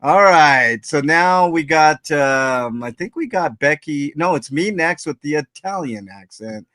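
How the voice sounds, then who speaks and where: A man's voice: fairly high pitch, animated, unhurried, a bit bright, dry recording. A man hosting a casual comedy stream, joking and calling on each panelist in turn. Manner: joking, laughs often, runs the turns. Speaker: show host. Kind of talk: casual livestream banter.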